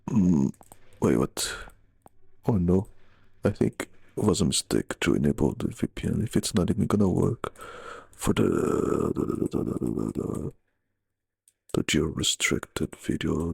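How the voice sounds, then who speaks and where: A man muttering to himself in a halting way, repeating words as he fixes a problem. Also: sits low, creaky, a little mellow, slightly rough, no room sound. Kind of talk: muttering to himself while fixing a setting.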